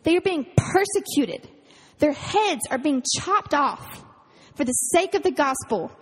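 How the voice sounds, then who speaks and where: A woman camp counselor, giving a casual, earnest youth sermon full of fillers and quick laughs. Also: sits high, expressive. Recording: reverberant hall.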